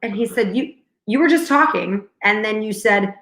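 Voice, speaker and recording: A woman's voice: medium pitch, animated, normal speed, fairly bright tone. A young adult woman co-hosting a casual chat and telling stories, acting out the dialogue as she goes. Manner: chatty storyteller, acts out dialogue. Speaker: co-host. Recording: echoey room.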